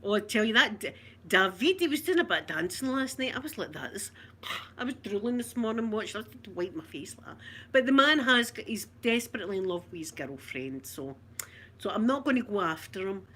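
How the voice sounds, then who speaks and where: A woman's voice: mid-range voice, very animated, brisk, sharp tone, slight background noise. A woman with a Glaswegian Scottish accent, hosting a casual, playful chat with her viewers and giggling often. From Scotland. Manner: chatty, giggly, broad and playful. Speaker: ASMR channel host chatting with viewers.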